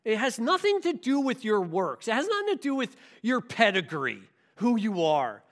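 A man's voice: sits high, big pitch swings, moderate pace, fairly bright tone. A male pastor preaching a sermon, emphatic and full of rhetorical questions.

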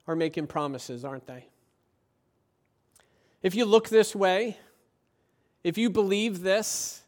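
High-voiced man preaching a sermon. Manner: preaching with rhetorical questions. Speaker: pastor.

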